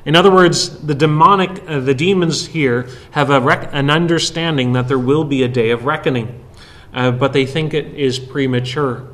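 A man preaching an expository sermon, explaining a Bible passage verse by verse with frequent pauses. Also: mid-range voice, fairly bright tone.

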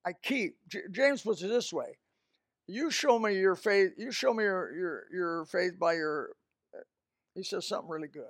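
A man preaching a sermon in an emphatic style, swinging between loud outbursts and quiet, low asides. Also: lively intonation, normal speed, no room sound, clean studio sound.

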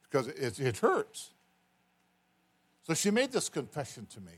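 A man's voice: on the high side, wildly swooping pitch, unhurried, husky. A man preaching a sermon, telling a personal family story with repetitions and emotional swings, then reading scripture emphatically.

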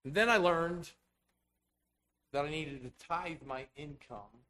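A man preaching a sermon, telling rambling personal stories full of quoted dialogue in an animated way. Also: a little high, slow, rough recording. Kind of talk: sermon storytelling.

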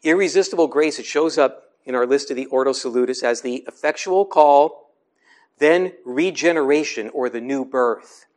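A man preaching a sermon in a measured, explanatory way, slowing down to stress scripture. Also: mid-range voice, a little mellow. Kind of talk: sermon teaching.

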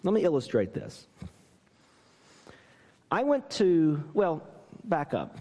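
Man, pastor, lively swooping pitch, slightly high voice, sermon with funny stories, long hall reverb. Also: takes it slowly. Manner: animated storytelling with self-deprecating humor.

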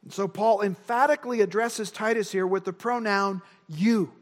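A man's voice: high-pitched, steady tone, normal speed. A man preaching an expository sermon, emphatic, repeating key words for stress. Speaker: pastor.

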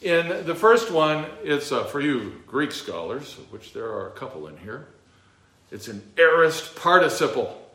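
A man's voice: a little high, very animated, a little slow, a bit bright, roomy sound. A male pastor teaching a verse-by-verse sermon, emphatic, with a few fillers. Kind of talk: expository sermon.

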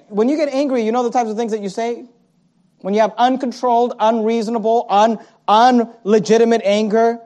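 High-voiced guy preaching a sermon, goes loud then drops way quiet, mocks excuses. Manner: preaching with sharp swings from loud to quiet, mimicking listeners. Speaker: pastor.

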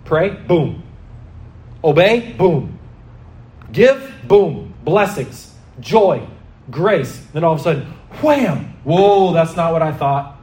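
A man's voice: fairly high pitch, animated, takes it slowly, a little mellow, roomy sound. A man preaching a sermon, emphatic and questioning, who keeps asking the congregation rhetorical questions. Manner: emphatic, asks the crowd repeated questions.

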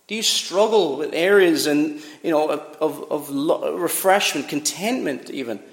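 A man's voice: on the high side, a little slow. A man in his twenties preaching an earnest, emphatic sermon, his voice rising and falling in volume. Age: 20s. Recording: echoey church hall.

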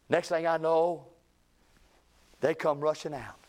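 A man's voice: on the high side, fairly even intonation, normal speed. A male pastor, telling a folksy story in a sermon to his church, with emphatic rises in his voice. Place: church sanctuary.

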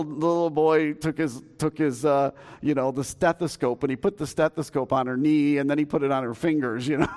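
A man in his fifties, pastor of a church, preaches a sermon in the sanctuary with a fairly high, slightly mellow voice. He tells stories in a folksy, joking way, restarting his sentences often.

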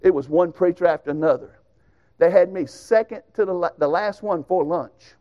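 A man preaches in a folksy, emphatic storytelling manner. His voice sits high for a man. The recording is a little dull and muffled. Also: normal speed. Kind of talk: sermon with personal stories.

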